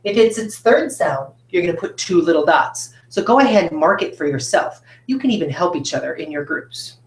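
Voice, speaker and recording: A woman teaching a recorded phonics lesson at a whiteboard, talking to students with encouraging, drawn-out questions. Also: fairly low pitch, expressive, reverberant. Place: classroom with a whiteboard.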